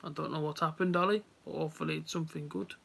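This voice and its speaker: Bright-voiced man streaming live. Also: a little high, steady tone, quick pace, creaky, slightly rough. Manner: chatty, rambling, talks straight to viewers. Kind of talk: casual live match watch-along chat.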